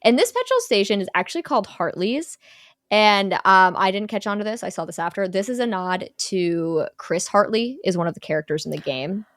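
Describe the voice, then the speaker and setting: A woman's voice: mid-range voice, lively intonation, fairly quick, no echo, clean studio sound. A young woman casually retelling a movie plot to a co-host, with lots of fillers and light quoting of characters. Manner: chatty, many "like" fillers, quotes characters lightly. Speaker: podcast co-host recapping a film.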